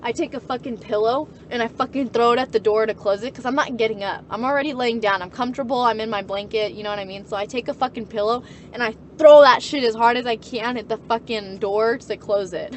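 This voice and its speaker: A woman's voice: fairly high pitch, fast talker, hardly any pauses, a little hiss or hum. A woman in her twenties chatting casually and bluntly, swearing freely and laughing often. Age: 20s. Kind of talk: casual chat.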